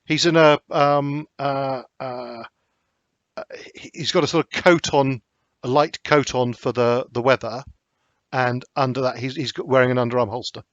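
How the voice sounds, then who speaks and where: A man's voice: medium pitch, fairly even intonation, normal speed, no room sound. Hesitant man running a game. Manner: hesitant, many ums and restarts. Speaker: game master. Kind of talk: narrating a tabletop horror game. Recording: dry, slightly dull lo-fi recording.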